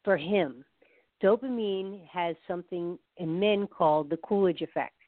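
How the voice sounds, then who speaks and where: A woman's voice: on the low side, a little slow, dry recording. Woman guest expert, chatty explainer, dry and phone-thin audio. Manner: chatty, laughs often, tells anecdotes with quoted voices. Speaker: guest expert on the science of love. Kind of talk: casual explanatory interview talk. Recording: phone-like narrow sound.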